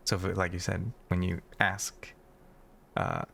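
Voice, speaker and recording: Gravelly-voiced man in casual podcast chat. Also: sits low, unhurried. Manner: relaxed, rambling, laughs easily. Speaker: podcast co-host.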